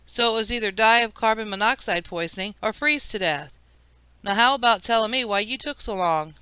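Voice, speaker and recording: A man's voice: high voice, fairly quick, pushed and bright, smooth, no room sound. A woman reading an audiobook, voicing a male crook who grumbles through chattering teeth. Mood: grumbling.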